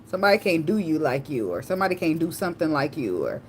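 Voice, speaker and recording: Woman with aave doing a tarot reading, low voice, talks loose n slangy, bit of hiss behind. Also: big pitch swings, quick pace. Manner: chatty, tangential, slangy, swears and laughs. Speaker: tarot reader. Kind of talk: casual channeled tarot reading.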